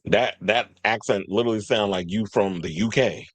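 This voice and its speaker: A man's voice: fairly low pitch, normal speed, no echo. A man hosting casual entertainment news commentary, rambling in slangy talk, reading stories aloud and chatting with viewers. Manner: rambling, slangy, loses his train of thought; talks to viewers and live chat.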